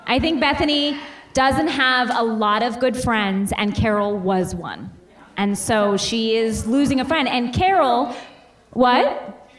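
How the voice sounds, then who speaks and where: A woman's voice: fairly high pitch, takes it slowly. A woman co-hosting a live comedy podcast on stage, bantering playfully. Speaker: podcast co-host. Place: live stage before an audience.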